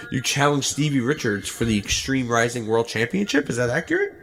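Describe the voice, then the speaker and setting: A man's voice: mid-range voice, huge pitch swings, moderate pace, vocal fry, fairly bright tone, a little hiss or hum. A man hosting a casual podcast interview, teasing his guest and laughing as he reads out. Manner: teasing, laughs often while reading. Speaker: podcast host.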